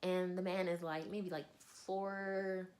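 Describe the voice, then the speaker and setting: Animated woman recapping a novel. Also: lowish voice, takes it slowly. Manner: animated, acting out characters. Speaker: book reviewer. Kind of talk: casual book recap.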